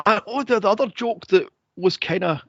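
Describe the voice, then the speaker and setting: A man's voice: sits high, normal speed, creaky, dry recording. A man co-hosting a movie podcast, chatting animatedly with laughs and rambling asides. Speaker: podcast co-host. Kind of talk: casual movie review chat. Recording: dull lo-fi dry sound.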